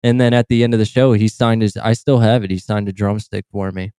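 A man co-hosting a casual podcast, laid-back, swearing often and quick to laugh. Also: on the low side, steady tone, mellow, clean tone, no echo, studio quality. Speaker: podcast co-host. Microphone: podcast mic.

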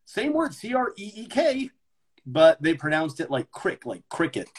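Husky-voiced American man, mid-Atlantic accent. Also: fairly high pitch, moderate pace. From Maryland, US. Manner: relaxed explaining with many examples, repeats words on restarts. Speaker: guest, English teacher and voice actor. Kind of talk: casual podcast conversation.

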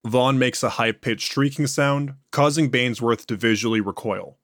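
A man giving scripted horror narration in a plain, even delivery. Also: medium pitch, moderate pace, few pauses, dry recording, studio quality.

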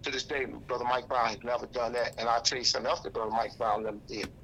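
A man's voice: medium pitch, little pitch movement, fast, fairly bright tone, slight background noise, rough recording. A man with a St. Louis accent talking on the radio in an impassioned, preacherly way, repeating himself for emphasis. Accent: St. Louis, Missouri. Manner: preacherly, repetitive, acts out quoted voices. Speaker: activist guest.

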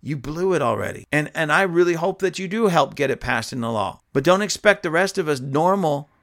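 A man's voice: a little high, lively intonation, brisk, fairly bright tone. A man giving opinionated commentary, reading news aloud and scolding emphatically, with fillers and restarts along the way. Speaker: political commentator.

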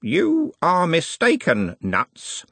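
A man's voice: a little high, huge pitch swings, moderate pace, fairly bright tone, husky, no echo, pitched above the performer's own voice, exaggerated voice. A man voicing a stern, self-important older servant in an audiobook. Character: pompous stern older male candle servant. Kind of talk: audiobook character voice.

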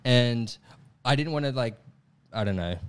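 A young man tells a comic story at a relaxed, conversational pace. He laughs often between lines and acts out the voices of the people in it. His voice sits at an ordinary middle pitch. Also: measured pace, clean tone. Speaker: comedian guest telling a story. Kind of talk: casual storytelling.

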